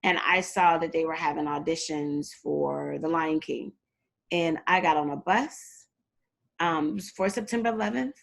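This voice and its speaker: A middle-aged woman telling her story as a guest in a casual interview, lively and acting out the people she quotes. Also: a little slow, gravelly. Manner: animated, acts out quotes with big jumps in pitch. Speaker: guest, performer and fitness trainer.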